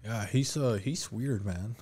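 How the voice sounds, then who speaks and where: A man's voice: on the low side, measured pace, slightly rough. A man in casual podcast chat, joking and breaking into loose, off-key singing along with the songs. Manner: playful, sings along loudly and jokes. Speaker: podcast guest.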